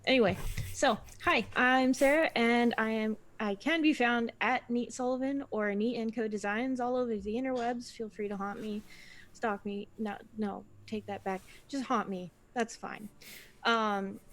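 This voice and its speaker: A woman's voice: fairly high pitch, steady tone, moderate pace. A woman introducing herself as a player in a tabletop game, chatty and giggly, often correcting herself. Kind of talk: casual chat.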